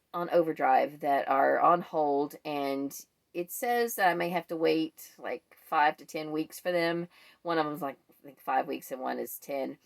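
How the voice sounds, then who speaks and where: Woman, lower-pitched voice, rambling talk with restarts; casual book vlogger. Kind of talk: casual book wrap-up chat.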